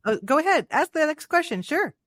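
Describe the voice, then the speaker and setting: A woman's voice: sits high, sing-song, brisk, fairly bright tone, no room sound, clean studio sound. A woman in her forties hosting a podcast, talking in a chatty, joking way with self-deprecating asides. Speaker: podcast host. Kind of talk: casual podcast chat.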